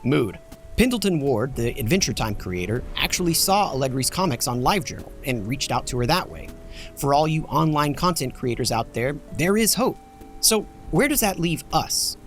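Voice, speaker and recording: A man's voice: medium pitch, sing-song, normal speed, a bit bright, faint music behind. A man hosting a scripted video essay, narrating with wry, joking asides. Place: home basement in front of green screen.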